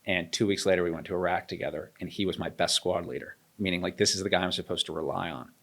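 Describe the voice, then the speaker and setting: A man's voice: low voice, quick pace, vocal fry. A man in his thirties, an interview guest, telling a story and acting out the dialogue. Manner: animated, acts out quoted dialogue. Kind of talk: storytelling in a conversation.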